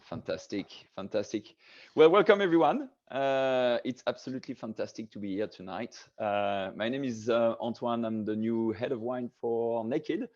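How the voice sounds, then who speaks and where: A man's voice: medium pitch, normal speed, darkish tone. Hesitant man hosting a video-call wine tasting. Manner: hesitant, many fillers and restarts. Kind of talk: casual hosted tasting talk. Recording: dull lo-fi video call audio.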